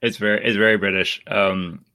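A man's voice: lowish voice, flat delivery, moderate pace, sharp tone, no echo. A man in his thirties hosting a casual book-club podcast, rambling with many restarts and laughing often. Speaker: podcast host.

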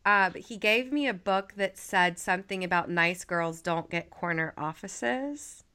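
A woman therapist in her thirties hosting a heartfelt conversation, speaking softly and affirmingly with emphatic moments. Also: lowish voice, a little slow, smooth. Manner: soft, warm and affirming, emphatic at times. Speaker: therapist and podcast host.

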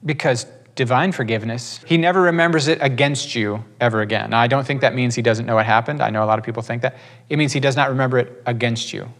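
A man's voice: mid-range voice, quick pace, a bit bright. A man leading a church class, teaching and telling stories informally, rambling with restarts and acting out quotes.

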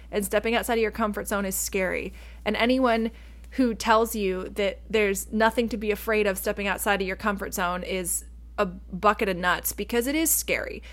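A woman co-hosting an advice podcast in a casual chat. She talks earnestly and chattily, with frequent "like"s. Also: medium pitch. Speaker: podcast co-host.

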